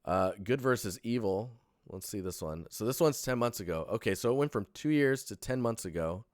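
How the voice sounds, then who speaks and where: A man's voice: fairly low pitch, lively intonation, fairly quick, no echo, studio quality. A young man giving a casual, rambling live-stream portfolio critique, sleepy and full of fillers and restarts.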